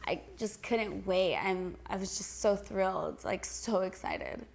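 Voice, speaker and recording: A woman's voice: mid-range voice, sing-song, measured pace, gravelly. A young adult woman answering interview questions in a chatty, giggly way, full of "like" and restarts. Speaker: interview guest.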